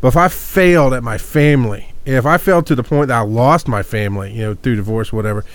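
A man's voice: mid-range voice, fast. A man as a talk show host in a casual group discussion, talking earnestly and reflectively with frequent restarts.

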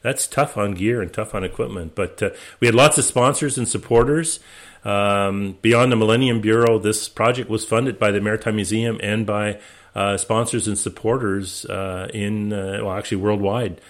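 A man, guest of an interview, telling his voyage stories in a relaxed, anecdotal way with many restarts. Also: fairly low pitch, normal speed. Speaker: interview guest, expedition skipper. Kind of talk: relaxed storytelling.

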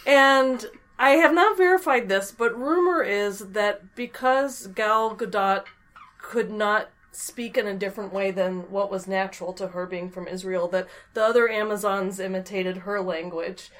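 A woman's voice: mid-range voice, unhurried, fairly bright tone. Chatty woman podcast host. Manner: chatty, laughs easily. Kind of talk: podcast interview.

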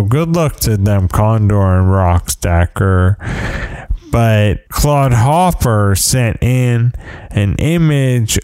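A man hosts a loose, meandering podcast chat, telling stories and poking fun at himself. His voice is smooth and fairly low, with a mellow, warm tone. He takes his time, and the recording is dry and close. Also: no room sound. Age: parent of young kids. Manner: meandering storyteller with self-deprecating asides. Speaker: podcast host. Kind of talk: casual rambling chat.

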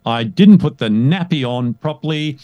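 A man speaking as a coach in a conversational interview, emphatic and animated, often checking in with "right?". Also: mid-range voice, moderate pace, no room sound. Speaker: guest, leadership coach.

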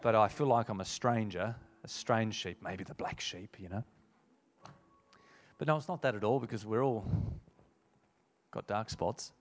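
A man with a somewhat low voice preaches an altar call to a congregation. He is earnest and repeats his key phrases. He slows down when he quotes scripture.

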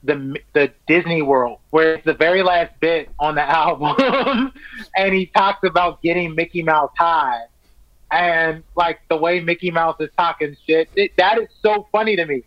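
High-voiced laid-back comic on a dull line. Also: male voice, measured pace, dry recording. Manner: laid-back and enthusiastic, peppered with "man" and "like". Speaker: stand-up comic, podcast guest. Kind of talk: casual podcast chat.

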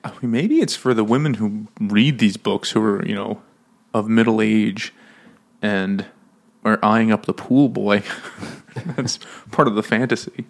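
A man's voice: lowish voice, a little slow, vocal fry. A man co-hosting a podcast, riffing crudely on a book in casual banter and laughing as he talks. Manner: crude, joking, laughs often while talking. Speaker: podcast co-host.

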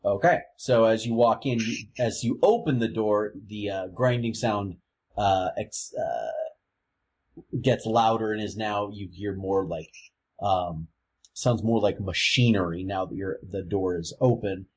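Husky, hesitant male game master. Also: lowish voice, a little slow. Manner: hesitant, with many fillers and restarts. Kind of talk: narrating a tabletop game.

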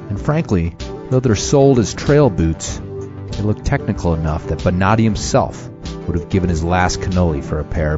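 A man reading a scripted ad with a wry, tongue-in-cheek manner. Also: on the low side. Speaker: podcast host reading an ad. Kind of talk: scripted ad read. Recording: dull lo-fi recording with guitar music.

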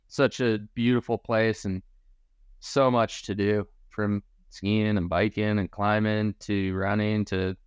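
A man's voice: lowish voice, clear, resonant tone, dry recording, clean studio sound. A man in his forties from Michigan, a podcast guest telling stories in a laid-back way, swearing casually and saying dude and bro. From Michigan, USA. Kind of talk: casual storytelling chat.

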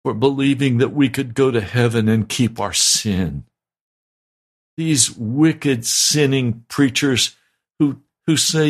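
A man's voice: medium pitch, slow, breathy edge. A man preaching a sermon as pastor, fervent and emphatic, repeating his pleas. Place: broadcast sermon.

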